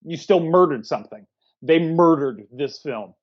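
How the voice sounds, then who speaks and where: A man's voice: fairly high pitch, lively intonation, moderate pace. Man, podcast co-host, blunt and cussing, dull lo-fi recording. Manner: blunt, profane, enthusiastic. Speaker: podcast co-host, film reviewer. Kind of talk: casual chat.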